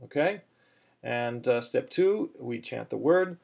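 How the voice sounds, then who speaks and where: A man talks through a chanting lesson at an unhurried pace, patient and plain. He stops often to restart his sentences, then slips into short sung phrases. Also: mid-range voice, animated, gravelly, a little mellow. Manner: patient, plain explaining with many fillers and restarts, breaking into chant. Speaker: cantillation teacher.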